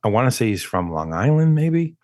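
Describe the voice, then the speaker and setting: A man co-hosting a movie podcast, speaking in a mid-range voice in loose, animated chat. He stumbles and restarts his sentences often as he builds his point. The recording is close and dry, with no room sound. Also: mid-range voice, brisk, dry recording. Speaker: podcast co-host. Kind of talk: casual movie review chat.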